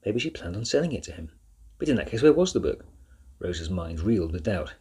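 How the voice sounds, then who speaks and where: A man narrating a children's novel chapter by chapter in a measured, steady reading. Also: deep voice, breathy edge. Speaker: audiobook narrator. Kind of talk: scripted storybook narration.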